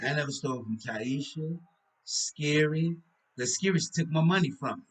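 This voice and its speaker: A man talks to his own camera in a loose, drifting monologue. His voice sits a little high, and he sounds tired and keeps yawning. He circles back to the same phrases and drops in murmured asides. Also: moderate pace, husky. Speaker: vlogger. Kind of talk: casual rambling monologue to camera.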